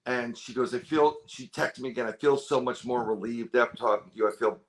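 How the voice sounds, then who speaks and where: A man's voice: medium pitch, fairly quick. A man telling a long story on a podcast, rambling with many restarts and quoting other people as he goes. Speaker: podcast guest. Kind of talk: casual storytelling chat.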